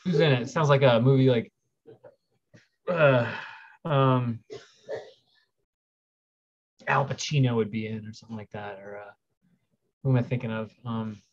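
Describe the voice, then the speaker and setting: Rambling man hosting a casual stream. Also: mid-range voice. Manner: rambling, reads viewer questions aloud, frequent fillers. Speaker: livestream host. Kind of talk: casual livestream chat. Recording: dull lo-fi stream audio.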